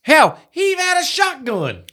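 A man co-hosting a podcast, chatting casually and profanely, retelling a movie with excitable energy. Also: very high voice, moderate pace. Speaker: podcast co-host. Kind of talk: casual chat.

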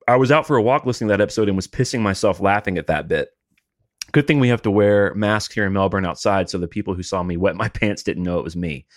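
A man's voice: on the low side, fast, no room sound, clean studio sound. A man co-hosting a podcast in casual comedic chat, easygoing, reading listener emails aloud. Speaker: podcast co-host.

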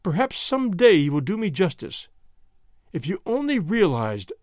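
A man's voice: high voice, very animated, unhurried, a little mellow, no room sound, clean studio sound. A man reading a storybook, voicing an anxious widow who pleads earnestly. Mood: wounded. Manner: earnest, imploring. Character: pleading anxious grieving widow, woman, adult. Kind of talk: audiobook character voice.

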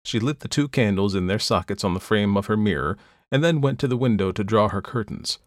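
A man narrating a classic story in a measured, even storytelling manner. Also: on the low side, dry recording, clean studio sound. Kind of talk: audiobook reading of classic fiction.

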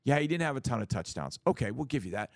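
Middle-aged man, sports talk co-host, casual debate, animated, dry close sound. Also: medium pitch, fast, gravelly, dry recording. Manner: animated, acts out quoted voices, repeats words.

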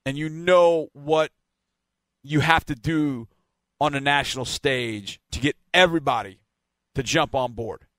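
A man's voice: medium pitch, a little slow, a bit bright, dry recording. A man hosting a team podcast, wrapping up in a chatty, rambling way with laughs. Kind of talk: casual radio-style sign-off.

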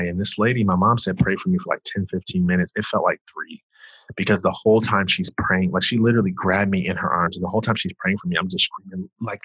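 Deep husky guy from detroit telling his testimony, dry close sound. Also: fairly even intonation, quick pace, a bit bright, dry recording. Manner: earnest storyteller, rises when reliving the moment. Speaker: pastor and guest. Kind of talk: emotional personal testimony.

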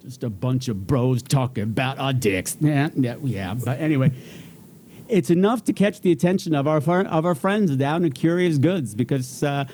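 A man's voice: medium pitch, animated, moderate pace, a little mellow, slight background noise. A man co-hosting a casual podcast, joking while recapping a plot. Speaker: podcast co-host. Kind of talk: casual chat.

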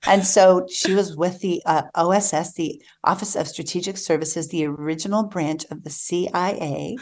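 A woman's voice: on the low side, steady tone, moderate pace. A woman novelist being interviewed on a radio show, talking eagerly and laughing often. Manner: warm, enthusiastic, laughs often. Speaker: guest novelist. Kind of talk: casual radio interview chat.

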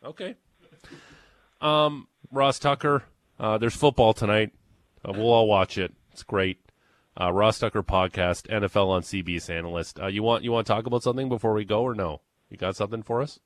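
Low-voiced chatty radio host, dry studio. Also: male voice, fairly even intonation, fairly quick, no room sound. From Western New York. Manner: laughs often, loose and rambling. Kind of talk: casual studio banter.

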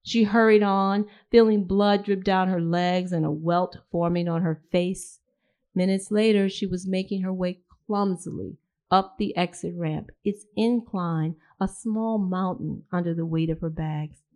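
Unhurried woman reading fiction aloud. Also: fairly low pitch, fairly even intonation, darkish tone. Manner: measured, unhurried storytelling. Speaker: reader.

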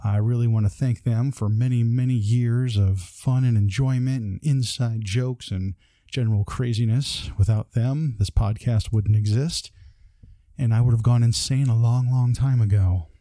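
Male podcast host, very dark mellow voice, dry studio-close sound, earnest closing thanks. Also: medium pitch, steady tone, no room sound. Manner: earnest, with occasional halting fillers.

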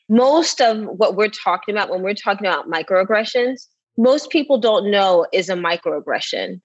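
Female expert guest, calm and advisory, dry dull-sounding mic. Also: medium pitch, no echo. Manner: measured, advisory, clear points. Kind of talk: explanatory podcast talk.

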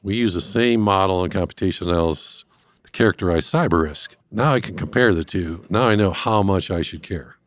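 A man speaking as a guest expert, explaining risk step by step in a measured way. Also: deep voice, dry recording. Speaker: industrial cybersecurity guest expert. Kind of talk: explanatory interview talk.

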